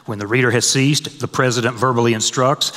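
A man preaching a sermon, swelling loud and high on scripture and dropping soft and low for personal stories. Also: fairly even intonation, a little fast. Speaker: pastor. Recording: long hall reverb.

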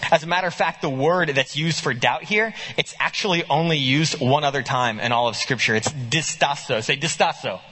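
Male pastor, sermon delivery, high bright husky voice, animated and questioning. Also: brisk, hardly any pauses.

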